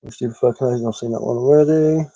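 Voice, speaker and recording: Racing along in a mellow, mid-range voice with some vocal fry, this English woodcarver hosts a live stream, casually answering viewers' comments. He speaks with a blend of West Sussex and London accents, sounding chatty and matter-of-fact while often saying um and repeating words. The recording is low quality, with no echo.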